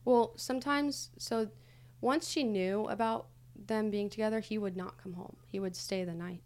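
A woman's voice: mid-range voice, fairly even intonation, normal speed, darkish tone. A young adult woman, a podcast guest, recounting her past candidly in a casual, hesitant way with many fillers. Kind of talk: casual conversational interview.

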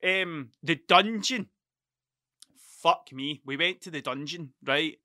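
A man with a Scottish accent telling a story in casual conversation, animated and full of swearing, and laughing often as he goes. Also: a little high, slow pace, no echo, clean studio sound. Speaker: podcast host.

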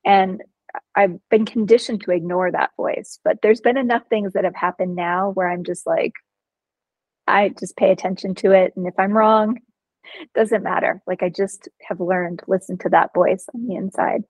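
Woman, psychologist guest, expressive storyteller, mid pitch, dry close sound. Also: normal speed, no room sound, poor audio. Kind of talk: casual interview storytelling.

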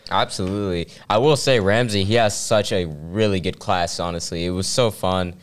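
A man's voice: low voice, moderate pace, clear, resonant tone. A teenage boy chatting casually on a podcast as a guest, blunt and opinionated. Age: teens. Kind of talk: casual chat.

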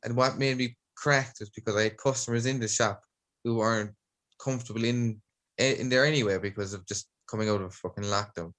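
A young Irish man hosting a podcast, telling animated stories and swearing freely. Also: medium pitch, brisk. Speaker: podcast host. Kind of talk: casual chat.

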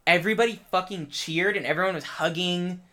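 Rambling casual man, slightly high voice. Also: brisk, pushed and bright. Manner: rambling, lots of filler words and swearing. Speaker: film crew member. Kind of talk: casual chat.

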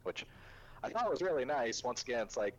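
A young man casually recapping an anime, laughing and filling in quick character voices as he retells scenes. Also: medium pitch, very animated, dull audio.

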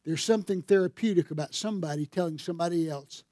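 A man's voice: a little high, quick pace, dark tone, dry recording, studio quality. A man preaching a sermon as pastor, telling stories in a folksy way and building to fervent emphasis.

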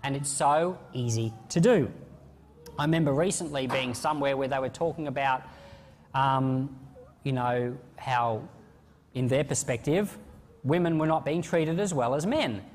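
A man preaching a sermon in an animated, conversational way. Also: medium pitch, unhurried, big-room sound, slight background noise. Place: church.

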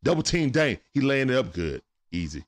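A man hosting a live stream from home, calling a game play-by-play in a casual, excitable way that swings from hushed asides to sudden shouts. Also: mid-range voice, moderate pace. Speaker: stream host. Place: at home at night.

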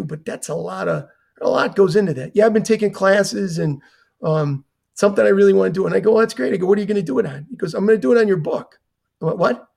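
A man's voice: fairly high pitch, vocal fry, darkish tone. An older man, a retired fire chief, telling a personal story in an earnest way and acting out the dialogue he quotes. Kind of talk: storytelling in a conversation.

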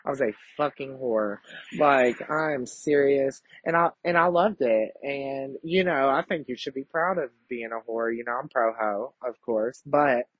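Brash campy man, husky lo-fi. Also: medium pitch, a little slow, no room sound. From Kentucky. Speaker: podcast host. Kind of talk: casual confessional monologue. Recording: dull lo-fi home recording.

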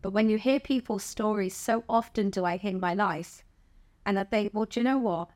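A middle-aged woman with a southern English accent talks openly in a relaxed interview. Her voice sits at an ordinary middle pitch, and she swears casually and laughs easily as she speaks. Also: moderate pace. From England. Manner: frank and chatty, swears casually, laughs often. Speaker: podcast guest, stand-up comedian. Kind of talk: candid conversational interview.

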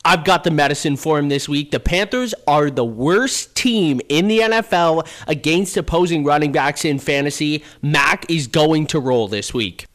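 A man's voice: a little high, normal speed, few pauses, fairly bright tone. A man co-hosting a casual sports podcast, talking in a brash, confident way. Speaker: podcast co-host.

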